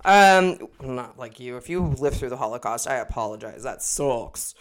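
Young woman podcast cohost, deep-ish voice, rambly and swears a lot. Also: animated, normal speed. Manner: rambling, swears casually, frequent restarts. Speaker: podcast co-host. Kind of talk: casual podcast chat.

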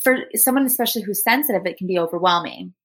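Animated woman telling a story. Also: medium pitch, fast, slightly rough. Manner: animated storyteller, heavy use of "like" and "literally". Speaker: podcast co-host. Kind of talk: casual storytelling chat.

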